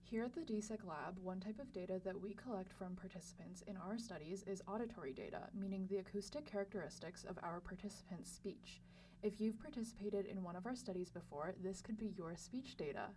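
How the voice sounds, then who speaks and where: Young woman, scripted lesson narration, measured and clear, mic slightly distant with faint hum. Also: mid-range voice. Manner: clear, measured explanatory delivery. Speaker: lab student presenter.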